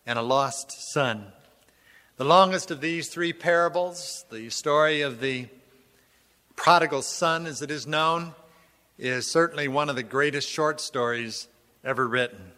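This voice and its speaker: A man preaching a sermon, reading scripture aloud and then expounding it in an emphatic, measured way. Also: fairly high pitch, sharp tone. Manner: emphatic, measured preaching with falling phrase ends. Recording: long hall reverb.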